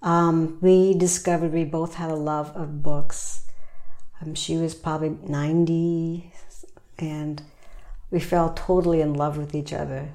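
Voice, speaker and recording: A woman shares a personal memory, stopping often to search for words. Her voice sits very low and sounds mellow and warm. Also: flat delivery. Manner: hesitant, with many pauses and fillers. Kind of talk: personal storytelling.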